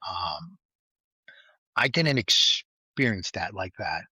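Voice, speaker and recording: A man's voice: deep voice, slow pace, slightly rough, no echo. A former state trooper, a man, telling his story in a casual interview, laughing often and acting out what others said. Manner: animated storyteller who laughs often and acts out quoted lines.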